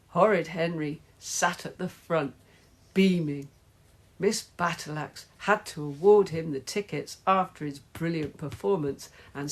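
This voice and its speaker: A woman reading a children's storybook aloud in slow, measured storytelling. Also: deep voice. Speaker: narrator.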